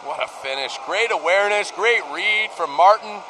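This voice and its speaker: A man giving live play-by-play commentary, rising to shouts on big plays, heard over a noisy arena broadcast. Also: sits high, expressive, moderate pace. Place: poolside at an indoor arena.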